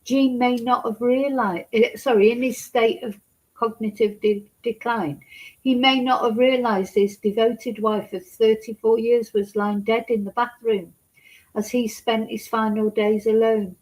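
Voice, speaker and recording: A woman's voice: fairly high pitch, fairly even intonation, unhurried, poor audio. A woman vlogging, reading a news story aloud with hesitant personal asides and getting upset. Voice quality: soft-spoken, chatty, hesitant with many fillers.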